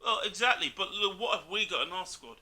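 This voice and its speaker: A man in a casual football chat with a very bright, fairly high voice. He is blunt and argumentative and drops "mate" into nearly every line. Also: animated, brisk. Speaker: co-host, Liverpool fan.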